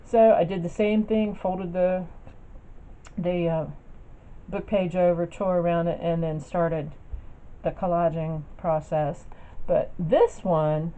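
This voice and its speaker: A woman's voice: lowish voice, fairly even intonation, slow pace, mellow. A woman chatting casually in a rambling way, with lots of fillers and restarts, as she shows her craft projects to the camera. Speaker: craft vlogger. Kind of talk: casual show-and-tell chat. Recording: dull lo-fi sound with faint noise.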